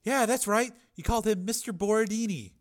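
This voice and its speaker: A man reading a crime novel aloud, putting on a shrill falsetto for frightened, pleading young women. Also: a little fast, natural voice. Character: terrified young female prostitutes, pleading.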